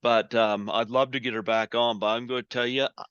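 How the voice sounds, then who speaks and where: Bright-voiced rambling male podcast host. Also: mid-range voice, brisk, clean tone, dry recording, muffled recording. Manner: rambling, excitable storyteller with many restarts. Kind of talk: casual interview chat.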